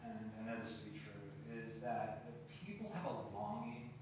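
A man's voice: fairly low pitch, level tone, moderate pace, noisy background. A male pastor preaching in a conversational way and asking the congregation questions. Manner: conversational, asks the room questions. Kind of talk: sermon. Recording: echoey hall from far off.

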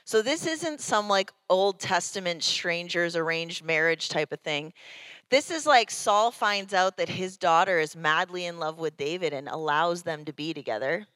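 A woman pastor delivering a sermon, telling the story in a conversational, animated way. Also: lowish voice, moderate pace, no room sound.

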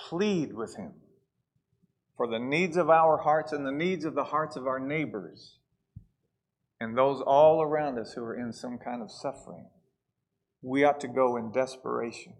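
A man preaching a sermon, swinging between hushed asides and loud, pleading passages. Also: medium pitch. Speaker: pastor.

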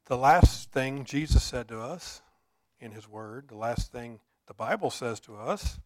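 A man preaching a sermon, at times quiet and at times building to emphatic, repeated declarations. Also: medium pitch, animated, unhurried, no room sound. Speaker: pastor.

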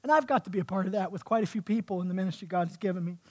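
A man preaching a sermon to his church, swinging from soft, heartfelt talk to fervent shouting. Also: high-pitched, racing. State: sweating. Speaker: pastor.

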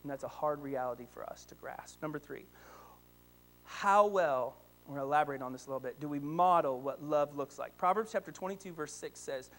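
Male pastor in his thirties, high voice, animated storyteller in the pulpit. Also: fairly quick. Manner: animated storytelling, rising to excited shouts. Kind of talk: sermon with personal stories.

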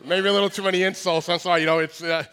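A man's voice: high-pitched, fairly even intonation, very fast, bright, forceful tone, clean tone. A nasal man in his forties with a Long Island accent, preaching a joking, self-deprecating sermon with lots of restarts. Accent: Long Island New York. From Long Island, New York. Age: 40s. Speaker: pastor.

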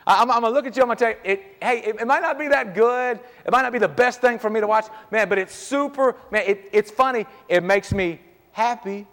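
A man's voice: extremely high pitch, quick pace. A middle-aged male pastor preaching a casual, joking sermon, often dropping "man" as he talks, in a church. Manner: lively, conversational, joking, peppered with "man". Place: church sanctuary. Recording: long reverb of a church hall.

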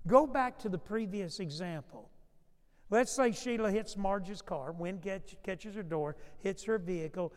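A male pastor preaching a sermon, moving from loud urgent passages to low hushed asides. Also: normal speed. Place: church sanctuary. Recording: long hall reverb.

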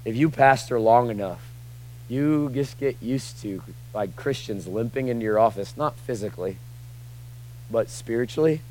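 A male pastor preaching a casual sermon in church, joking with the room and swinging from quiet asides to loud, emphatic lines. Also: medium pitch, normal speed, a little hiss or hum, rough recording.

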